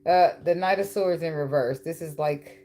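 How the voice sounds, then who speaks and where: Low-voiced, blunt and profane woman tarot reader. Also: moderate pace, warm tone. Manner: blunt, profane and teasing, with frequent laughs. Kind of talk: casual tarot reading.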